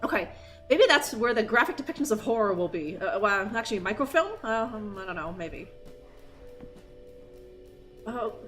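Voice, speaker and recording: Swearing, rambling, and interrupting herself, a young woman plays a game on a live stream with music behind her. Her voice is medium-pitched, expressive, and fairly bright, at normal speed with frequent pauses.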